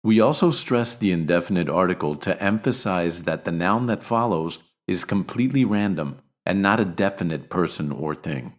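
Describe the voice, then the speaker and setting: American male pronunciation teacher, very low voice, clear measured delivery, repeats examples slowly. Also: animated. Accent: American English. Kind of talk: scripted pronunciation lesson.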